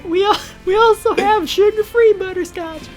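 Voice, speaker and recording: A woman voicing a cheery Southern country woman who sells butterscotch, delivering an improvised mock radio ad in a put-on American Southern accent. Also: moderate pace. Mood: perky salesy. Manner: bubbly sales-pitch delivery.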